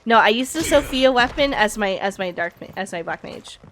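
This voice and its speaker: Bright-voiced chatty woman streamer. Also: medium pitch, expressive, brisk. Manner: chatty, self-correcting, laughs easily. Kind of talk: casual gameplay chat and reading aloud.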